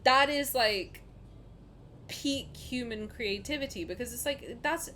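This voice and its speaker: A woman streaming and chatting casually with her chat, animated and swearing freely, dropping to low mutters and then rising to loud outbursts. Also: slow, slight background noise. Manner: reads chat questions aloud and answers them.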